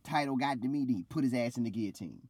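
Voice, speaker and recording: A man's voice: mid-range voice, very fast, no room sound. A young man in casual chat, retelling a wrestling match with slang and acted-out quotes. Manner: animated storytelling, acts out quotes, slangy.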